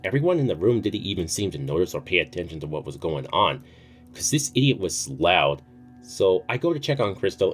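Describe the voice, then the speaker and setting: Brief: deep-voiced male storyteller, casual and profane, faint music under him. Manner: casual, swears freely. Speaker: storytime youtuber.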